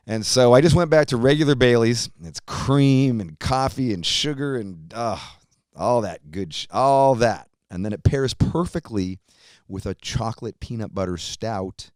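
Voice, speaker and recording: A man with a low, resonant voice hosts a podcast in relaxed chat, rambling with cheerful profanity. The sound is dry and close, with no room around him. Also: unhurried, dry recording. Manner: loose, profane, rambling enthusiasm. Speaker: podcast host.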